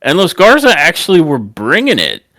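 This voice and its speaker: A man co-hosting a podcast, recapping a wrestling match in relaxed, casual chat with frequent "like" and "um". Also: a little high, moderate pace, no echo, studio quality. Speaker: podcast co-host.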